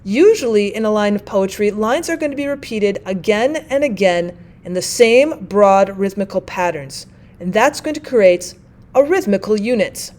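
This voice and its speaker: A woman's voice: medium pitch, lively intonation, darkish tone. A woman teaching a lesson in a methodical, explanatory way. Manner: methodical, reads examples slowly. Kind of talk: explanatory lecture.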